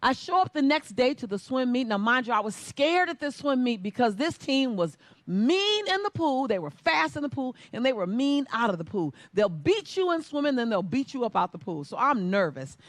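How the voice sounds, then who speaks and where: Animated high-voiced woman telling a story. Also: normal speed, hardly any pauses, no echo. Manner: animated, acts out every character. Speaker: motivational speaker. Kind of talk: comic storytelling keynote.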